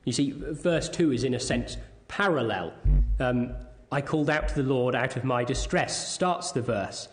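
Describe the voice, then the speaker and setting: A man preaching a sermon with a measured, deliberate delivery, reading scripture aloud and explaining it. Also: medium pitch.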